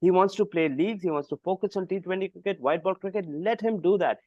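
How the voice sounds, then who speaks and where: A man's voice: high-pitched, fast, no room sound, dull audio. A man giving blunt, indignant cricket commentary in a podcast discussion. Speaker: cricket pundit.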